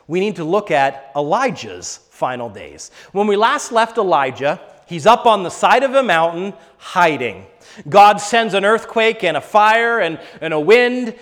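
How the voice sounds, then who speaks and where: A man delivers a sermon in a noticeably high voice. He swings between fervent, loud exhortation and soft, hushed retelling of scripture. His voice rings out with a long reverb, as in a church sanctuary. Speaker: preacher.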